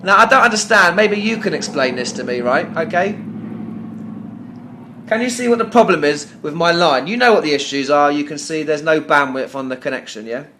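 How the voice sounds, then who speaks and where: A man's voice: a little high, a little fast, bright, forceful tone, slight background noise. A British man making an angry complaint on a phone call to customer service, ranting sarcastically, swearing and stammering over repeated words. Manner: swears often. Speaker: business owner calling customer service.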